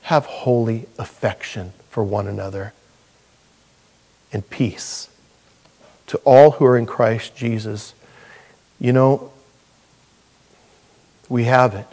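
A man preaching a sermon as pastor in a church, earnest and folksy with touches of humor. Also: mid-range voice.

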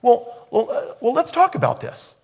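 A man's voice: very high voice, huge pitch swings, moderate pace, creaky, slightly rough, voice pushed up, exaggerated voice. A man voicing Jesus as a breezy, offhand fellow in a retold sermon story. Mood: casual.

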